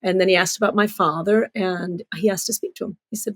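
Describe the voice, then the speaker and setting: Husky animated woman storyteller. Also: mid-range voice, quick pace, dry recording. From Cuba. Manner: animated storyteller, acts out voices. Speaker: children's author and storyteller. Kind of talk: storytelling interview.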